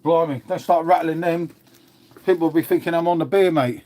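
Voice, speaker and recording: A man's voice: fairly high pitch, steady tone, a little fast, mellow, slight background noise. An English man chatting casually on a live stream, answering viewer comments in a laid-back way and calling everyone mate.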